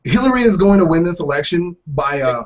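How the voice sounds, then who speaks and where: Male podcast host, bit high-pitched, muffled lo-fi recording, quick jokey political chat. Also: big pitch swings. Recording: dull lo-fi podcast audio.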